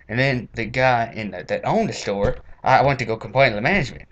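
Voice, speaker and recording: A man delivering an angry comedic rant, swearing a lot and jumping into loud, high-pitched shouting. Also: fast talker, hardly any pauses, muffled recording. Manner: angry, profane, bursts into shouting. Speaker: comedic ranter.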